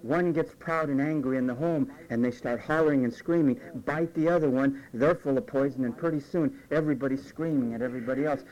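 A man's voice: medium pitch, fairly quick, few pauses, highs cut off. A man preaching a conversational sermon as pastor, acting out quoted voices along the way. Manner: animated, acts out quoted voices.

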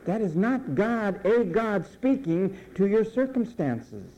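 A man preaching with a high but mellow, dark-toned voice. He speaks emphatically and lets his phrase endings drop low and slow. The sermon is heard on a slightly dull lo-fi recording. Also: very animated. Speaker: pastor.

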